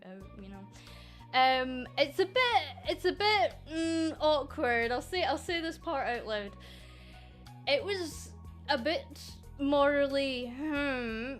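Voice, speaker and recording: A high-pitched, bright woman from Scotland talks casually on stream about the VTuber agency she runs. She is sarcastic and animated and swears freely. Faint background music plays under her voice.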